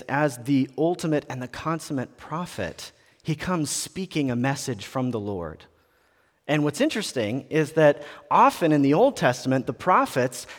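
A man preaching a sermon in a conversational, animated way, often restarting phrases. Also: mid-range voice. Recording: long reverb of a large room.

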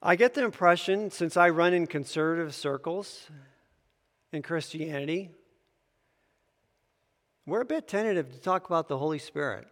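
A man's voice: on the high side, moderate pace, pauses often, a bit bright, in a large hall. A man teaching a Bible study in a conversational way, with asides and self-corrections.

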